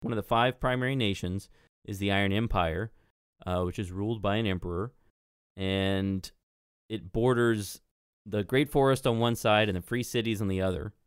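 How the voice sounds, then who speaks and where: A man running a tabletop game, explaining the setting in a relaxed way with fillers. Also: on the low side, normal speed, clean tone, no room sound, studio quality. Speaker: game master. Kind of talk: casual tabletop play.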